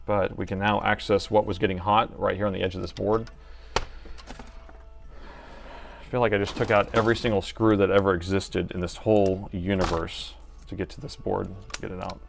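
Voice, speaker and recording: Middle-aged man, lowish voice, live-stream host, chatty, thinking aloud, joking, faint background music. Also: vocal fry. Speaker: host and laptop repair technician. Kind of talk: live-stream repair commentary.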